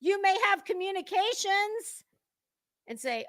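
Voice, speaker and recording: A woman's voice: on the high side, animated, measured pace, bright, forceful tone, dry recording. A middle-aged woman hosting drama commentary, scathing and mocking, lecturing and swearing freely. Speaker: commentary channel host.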